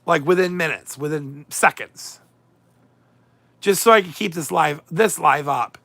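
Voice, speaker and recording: A livestream host with a fairly high, gravelly, bright voice speaks at a measured pace with a forceful tone in a dry recording. He's chatty and emotional, swinging between moods as he reads viewers' comments and responds to them.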